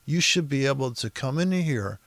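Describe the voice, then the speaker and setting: Gravelly, foul-mouthed man ranting. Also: medium pitch, animated, a little fast, a bit bright, dry recording. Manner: profane, exasperated, rambling with many restarts. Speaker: trading educator. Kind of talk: profane ranting chart walkthrough.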